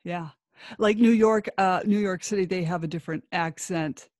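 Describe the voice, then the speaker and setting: A woman's voice: on the low side, normal speed, darkish tone, no room sound, clean studio sound. Reassuring American woman, casual chat. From United States. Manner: agreeable, reassuring, laughs easily. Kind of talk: casual chat over a call.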